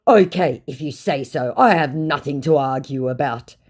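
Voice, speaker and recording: A woman's voice: deep voice, moderate pace, darkish tone, voice pushed up. Smug male scammer, as a woman puts him on.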